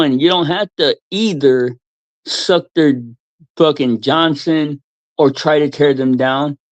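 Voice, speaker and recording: A man's voice: on the high side, no room sound. A man ranting at someone in a heated chat, swearing heavily and mocking him. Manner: profane, ranting, mocking with put-on voices. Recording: dry, dull lo-fi sound.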